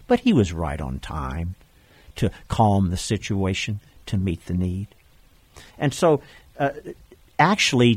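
A man preaching a sermon, animated, chuckling and putting on voices for the figures in the story. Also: on the low side, no echo.

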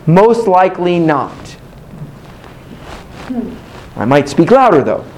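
A man's voice: sits high, sing-song, slow pace, a little mellow, slight background noise, rough recording. A man preaching a sermon in a hotel meeting room, building his points through rhythmic repetition and call-and-response with the congregation.

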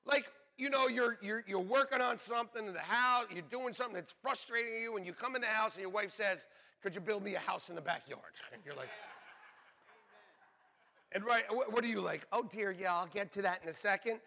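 A man preaching a sermon in a conversational, joking way, dropping to near whispers and building up to shouts. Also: high-pitched, brisk, gravelly. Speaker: pastor.

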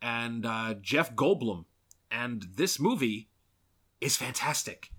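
A man's voice: medium pitch, animated, slow, a bit bright, husky. A man co-hosting a movie podcast, chatting casually and gushing enthusiastically about films. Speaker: podcast co-host.

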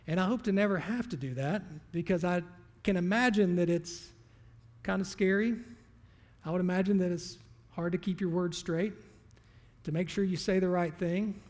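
High-voiced preacher in a reverberant hall. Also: male voice, a little mellow. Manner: reads scripture, then explains it conversationally. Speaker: pastor. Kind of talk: sermon.

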